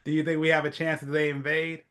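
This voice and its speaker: A man's voice: on the high side, completely flat delivery, fast, fairly bright tone. A man co-hosting a podcast in casual chat, laughing often and reacting briefly. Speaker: podcast co-host.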